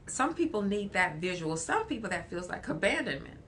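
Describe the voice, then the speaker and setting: A woman counselor giving an animated, emphatic livestream talk, often breaking into laughter. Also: medium pitch, brisk, slight background noise.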